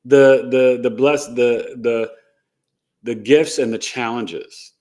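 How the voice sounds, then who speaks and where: A man's voice: medium pitch, fairly even intonation, slow, a little mellow. A man hosting an astrology show, talking casually and rambling, often ending points with "right?". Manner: rambling, tags sentences with "right?". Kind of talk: casual live-stream talk.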